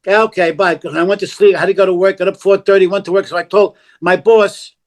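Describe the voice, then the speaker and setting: An older man, telling a story as a podcast guest, animated and blunt, acting out the dialogue of the people in it. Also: high voice, quick pace. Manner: animated, acts out quoted dialogue, blunt and profane. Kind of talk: casual storytelling.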